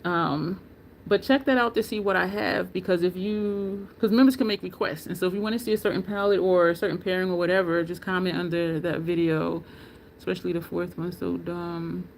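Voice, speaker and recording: A woman's voice: fairly low pitch, fairly even intonation, fairly quick, gravelly, slight background noise. A woman hosting a beauty channel livestream, talking in a loose, opinionated, rambling way and answering viewer comments. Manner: loose, rambling, with frequent ums and restarts. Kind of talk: casual livestream chat.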